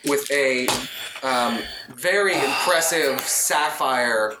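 A man's voice: mid-range voice, slow pace, very noisy. A man running a tabletop game as dungeon master, narrating loosely with many fillers. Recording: roomy room with violin music behind.

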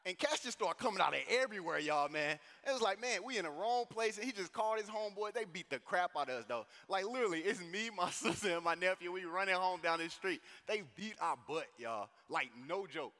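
A man in his thirties from St. Louis giving a personal testimony at a conference, telling the story in a casual, animated way with lots of slang asides. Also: sits high, a little fast, hardly any pauses. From St. Louis, USA. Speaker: conference speaker. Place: conference hall. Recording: echoey hall reverb.

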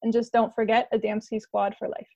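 A woman middle school teacher chatting excitedly, with many fillers and "like"s. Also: on the high side, fairly quick, gravelly, no echo, muffled recording. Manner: excitable, lots of "like". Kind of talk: casual chat.

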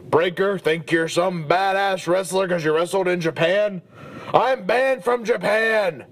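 A man's voice: high voice, measured pace. A man doing Mike Haggar, crude macho brawler. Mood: furious. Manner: crude, profane macho bluster. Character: gruff macho middle-aged brawler, crude and hot-tempered. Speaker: comedy podcast host in character. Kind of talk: comedic character monologue.

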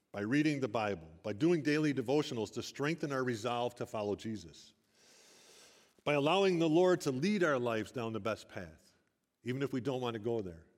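An older man giving an earnest sermon, telling Bible stories with rising emphasis. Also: medium pitch. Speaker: preacher. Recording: long hall reverb.

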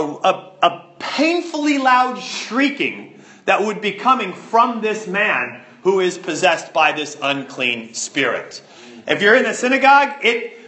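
Animated male preacher, bright and lively. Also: high-pitched, roomy sound. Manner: animated, emphatic, repeats words when stressing a point. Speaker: pastor. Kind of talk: sermon.

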